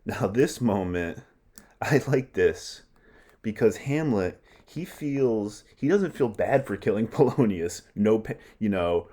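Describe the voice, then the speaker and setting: A man's voice: lowish voice, lively intonation, a little slow, mellow. A man teaching a class about a play, explaining lines in a casual way with many asides. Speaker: literature teacher. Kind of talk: lecture on a play.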